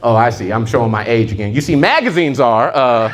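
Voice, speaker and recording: A man from Southern California performing a stand-up comedy set, telling stories full of voices and quick asides. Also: mid-range voice, expressive, background noise.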